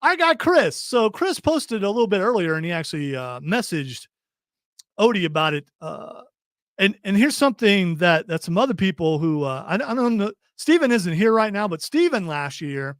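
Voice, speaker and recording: High-voiced rambling male radio host. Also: big pitch swings, moderate pace, a bit bright, no echo, clean studio sound. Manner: rambling, repeats words, self-deprecating. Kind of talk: casual radio chat.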